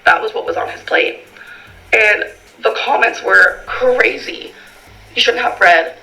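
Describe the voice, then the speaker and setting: A woman vlogger talks through viewer questions in a loose, rambling way, full of fillers. Her voice is very bright and edged with vocal fry. Faint music runs underneath. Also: a little high, measured pace, poor audio. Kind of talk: casual Q&A vlog.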